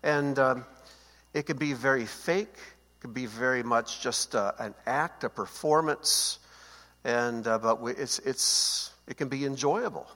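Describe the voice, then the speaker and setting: A man of medium pitch and fairly bright tone speaks a little slowly during a seated Bible teaching. His manner is conversational, with frequent requests that listeners confirm they're following, and the room gives a long hall reverb.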